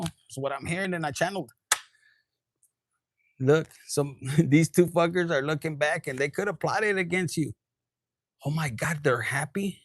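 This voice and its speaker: A man giving a casual, animated tarot reading straight to camera, swearing freely and dropping into quoted voices and bits of Spanish. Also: fairly high pitch, a little slow, no echo, clean studio sound. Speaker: tarot reader.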